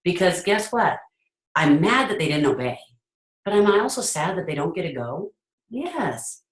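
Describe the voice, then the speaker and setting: A middle-aged woman coaching her listeners in an earnest, casual way, her voice sitting very low for a woman. She is recorded in an echoey room. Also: very animated, moderate pace. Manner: earnest, acts out parents' voices. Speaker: host, leadership coach. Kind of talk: casual talk to an audience.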